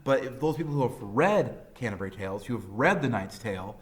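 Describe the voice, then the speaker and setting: A man in his thirties lecturing as a high school English teacher, talking casually and animatedly with many fillers and voiced quotes. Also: lively intonation, brisk. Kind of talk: classroom lecture.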